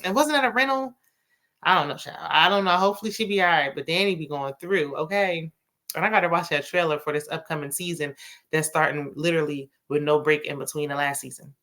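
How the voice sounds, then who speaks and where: Sassy, bright-voiced woman recapping TV. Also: deep voice, a little fast. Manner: chatty and sassy, with slang and laughs. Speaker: TV recap host. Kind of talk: casual TV recap chat.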